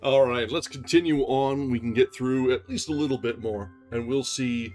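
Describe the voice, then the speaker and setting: A man reading a classic novel aloud on a livestream, steady narration with casual asides. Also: mid-range voice, moderate pace, faint music behind. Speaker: audiobook reader on a livestream.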